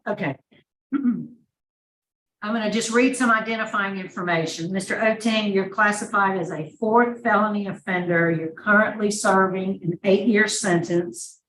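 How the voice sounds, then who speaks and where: A woman's voice: medium pitch, fairly even intonation, a bit bright. Formal woman board chair, distant mic in a reverberant room. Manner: brisk, formal, reading into the record. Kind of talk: formal hearing procedure. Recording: echoey hearing room, distant mic, faint noise.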